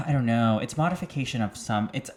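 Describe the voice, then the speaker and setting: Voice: medium pitch, lively intonation, fairly quick, darkish tone. Chatty podcaster who keeps searching for words. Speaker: podcast co-host. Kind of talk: casual chat.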